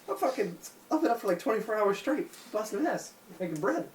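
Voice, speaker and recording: A young man jokes crudely and sarcastically on a casual podcast. His voice sits slightly high for a man. He is picked up from some distance in an echoey room. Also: very animated, fast talker, a little mellow, a little hiss or hum. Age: young adult. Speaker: podcast co-host. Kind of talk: casual chat.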